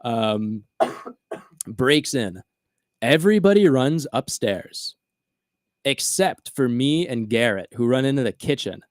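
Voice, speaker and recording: A man's voice: medium pitch, animated, slow pace, pauses often, no room sound, clean studio sound. A man co-hosting a casual chat, telling a long story and acting out his friends' lines. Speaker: podcast co-host.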